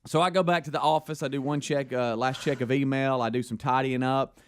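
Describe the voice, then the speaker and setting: A man's voice: medium pitch, fairly even intonation, brisk, clean tone. A man with a Southern US accent, a radio co-host telling a rambling story in casual talk on air, acting out the phone calls in it. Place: radio studio.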